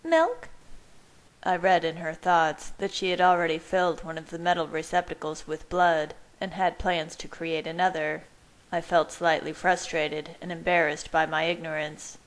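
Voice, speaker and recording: A woman narrating fan fiction in the first person, at a measured reading pace. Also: deep voice, little pitch movement, low-quality recording. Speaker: reader.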